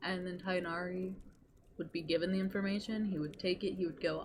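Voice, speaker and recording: A woman's voice: lowish voice, fairly even intonation, fairly quick, noisy background. A young woman streamer rambling in casual chat, gushing and swearing freely.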